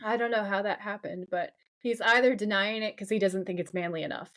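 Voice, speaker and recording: A woman co-hosts a podcast in casual chat, recapping a TV episode scene by scene. She acts out the characters' lines in playful, animated bursts. Her voice sits at a middling pitch. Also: brisk. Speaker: podcast co-host.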